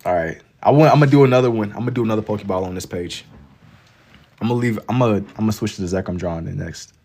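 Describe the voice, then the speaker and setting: Young man, from Kentucky, low-ish voice, relaxed, slangy, casual stream talk, reads chat. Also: racing. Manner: laid-back and slangy, reading chat aloud. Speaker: livestreaming artist. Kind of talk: casual livestream chat while drawing.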